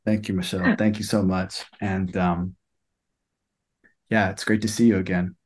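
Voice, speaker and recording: Young man, slightly low voice, reflective personal sharing, hesitant with lots of fillers. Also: level tone. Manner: soft-spoken, halting, many fillers. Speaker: student sharing experience.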